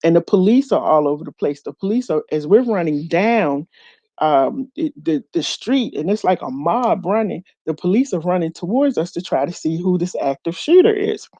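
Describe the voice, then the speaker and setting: A woman tells a personal story straight to her viewers, lively and expressive as she acts out the people in it. Her voice is mellow and rounded, and the sound is dry and close with no room echo. The delivery is relaxed storytelling. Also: lowish voice, moderate pace, highs cut off. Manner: animated, quotes others in lively voices, addresses viewers as y'all. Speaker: show host.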